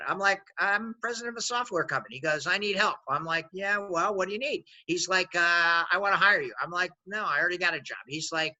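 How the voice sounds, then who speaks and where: A man in his sixties, a sales executive and podcast guest, telling his career story in an energetic, enthusiastic way. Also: on the high side, rough recording. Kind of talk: casual interview storytelling.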